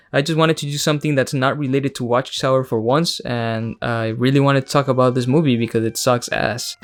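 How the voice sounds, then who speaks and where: A man from Mexico, hosting his channel with a blunt, profane and mocking film review, laughing often. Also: medium pitch. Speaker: YouTube host. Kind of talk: casual film review rant.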